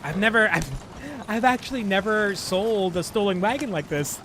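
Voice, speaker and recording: A man streaming a video game live, chatting casually and getting excitable, swearing and laughing at his own mistakes. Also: sits high, moderate pace, noisy background. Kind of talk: live gameplay commentary.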